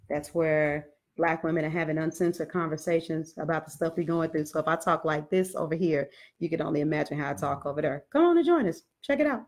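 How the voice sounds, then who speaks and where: A woman's voice: low-pitched, a little mellow. A woman hosting a motivational live stream who talks in a blunt, emphatic, slangy way and curses for emphasis.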